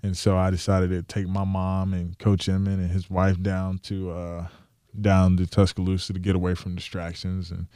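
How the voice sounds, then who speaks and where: A young man, a guest on an interview, telling his story in a casual, animated way and acting out what he thought at the time. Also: low voice, normal speed, dry recording, studio quality. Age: young adult. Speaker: NFL tight end, guest.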